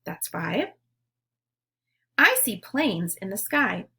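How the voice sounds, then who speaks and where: Slow, husky teacher leading phonics drills. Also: female voice, mid-range voice, very animated, pushed and bright. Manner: slow, clear, leading call-and-response drills. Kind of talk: phonics lesson for young children.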